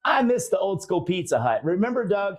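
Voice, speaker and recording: A man co-hosting a casual chat show, animated and chuckling, with playful mock outrage. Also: sits high, fairly quick. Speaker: podcast co-host.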